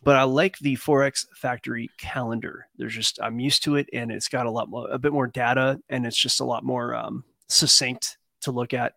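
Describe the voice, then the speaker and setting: A man hosting a trading show, talking in a relaxed, rambling way with many fillers. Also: mid-range voice, moderate pace, vocal fry, hardly any pauses, no room sound, clean studio sound. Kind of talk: casual chat.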